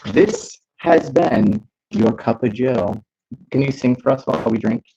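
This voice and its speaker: A young man hosting a casual live stream, chatting and giving friendly advice in a relaxed way. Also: medium pitch, measured pace, vocal fry, slight background noise. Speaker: host. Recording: dull lo-fi stream audio.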